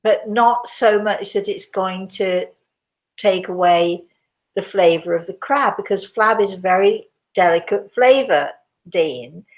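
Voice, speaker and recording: A mid-range, slightly slow voice belongs to an older woman from Britain with a British accent. She's the host of a casual livestream, chatting with viewers and fielding their questions. Her manner is rambling and talkative, with easy laughter.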